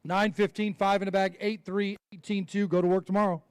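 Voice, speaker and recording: A man's voice: high voice, level tone, brisk, smooth. A man emceeing a fishing tournament weigh-in, bantering and joking with each angler as he reads out the weights. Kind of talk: live tournament announcing. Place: outdoor weigh-in stage.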